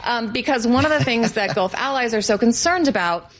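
A woman's voice: a little high, animated, a little fast. A woman correspondent giving detailed, wry analysis on a live news show.

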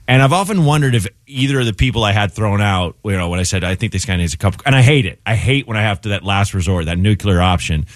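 A man's voice: fairly low pitch, quick pace, few pauses, dry recording, clean studio sound. A man, a comedian guest on a radio show, telling a story in casual talk and acting out the people in it. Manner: animated, acts out voices in his anecdotes. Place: radio studio.

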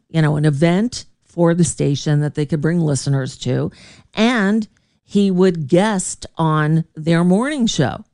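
Unhurried, chatty radio host woman. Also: on the low side, darkish tone, dry recording, studio quality. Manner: chatty, digressive, laughing often. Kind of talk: casual storytelling to a live chat.

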